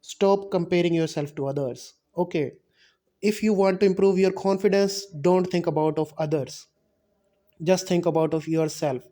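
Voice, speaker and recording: A man teaching a spoken English lecture over slides, halting and often correcting himself as he explains. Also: high-pitched, warm tone. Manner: halting, self-correcting, repeats words while explaining.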